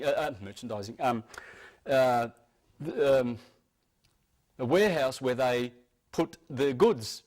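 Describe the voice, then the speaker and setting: Speaking with a fairly high pitch, a man lectures an audience emphatically and insistently. He often restarts his sentences.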